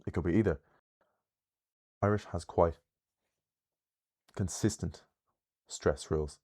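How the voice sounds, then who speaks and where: A young man giving an explanatory lesson on pronunciation, careful and deliberate, slowing down to say example words clearly. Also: sits low, darkish tone. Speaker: Irish language teacher.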